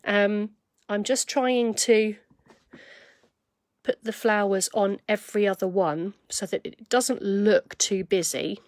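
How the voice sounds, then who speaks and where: A woman's voice: mid-range voice, steady tone, slow, no room sound, studio quality. A woman giving a live craft demonstration, chatting to viewers and thinking aloud as she works.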